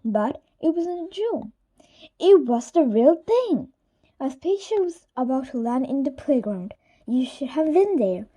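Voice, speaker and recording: A woman reads a children's chapter book aloud in a high, warm voice, very animated though a little slow. Now and then she stumbles and corrects herself, and she gives the story's children livelier voices and drops to a whisper for asides.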